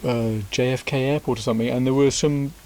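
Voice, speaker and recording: A man's voice: mid-range voice, steady tone, fast, a little mellow. Man telling anecdotes. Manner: anecdotal, hesitant storytelling. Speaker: co-host. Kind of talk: casual discussion. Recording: faint hiss.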